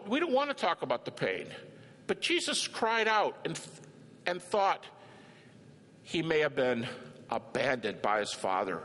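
A man's voice: fairly high pitch, a bit bright. An older man preaching a sermon, emphatic and dramatic, telling a personal story and acting out dialogue. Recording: reverberant hall with faint ambience.

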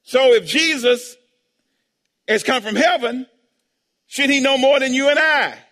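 A man preaching as pastor, drawing amens and answers from the congregation in call-and-response, breaking into sudden shouts. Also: very high-pitched, measured pace. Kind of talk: sermon. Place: church sanctuary. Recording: long hall reverb.

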